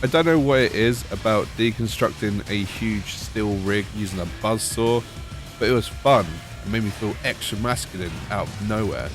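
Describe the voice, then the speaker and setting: A British man with a lowish voice narrates a gaming video in a dry, sarcastic way. Soft music plays underneath. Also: normal speed. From United Kingdom. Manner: wry, sarcastic. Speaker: gaming YouTuber. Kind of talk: scripted gaming voice-over. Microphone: voice-over.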